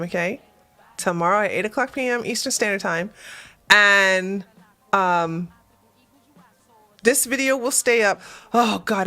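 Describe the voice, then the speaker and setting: A woman's voice: medium pitch, bright, forceful tone. A woman hosting a livestream, chatting casually with her viewers, laughing often and repeating herself. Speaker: livestream show host.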